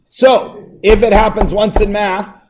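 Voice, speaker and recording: A man teaching a classroom math lesson, quizzing students with quick questions and joking asides. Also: high-pitched, fairly even intonation, darkish tone.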